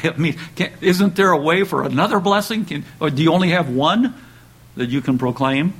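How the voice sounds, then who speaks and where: A man's voice: normal speed, slightly rough, low-quality recording. A man preaching a sermon, speaking conversationally with restarts and lifting his voice when he reads scripture aloud. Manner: raises pitch and volume when reading dramatic quotes.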